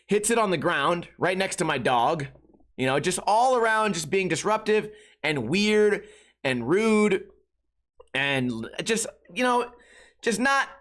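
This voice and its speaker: A man with a fairly high voice hosting a podcast, recounting events in a casual, animated way. He sounds incredulous and often restarts his phrases. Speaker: podcast host. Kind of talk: casual storytelling.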